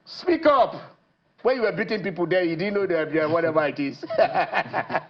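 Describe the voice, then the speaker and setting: A man from Nigeria hosting a TV sports show, lively and rambling, with lots of fillers and restarts. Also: fairly high pitch, a little fast, lo-fi sound. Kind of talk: TV sports show chat and interview. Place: TV studio.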